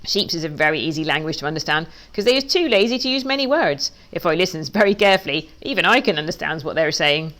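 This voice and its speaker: A woman, a children's author, reading her storybook aloud in a lively, playful way. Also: low-pitched, fast talker, few pauses.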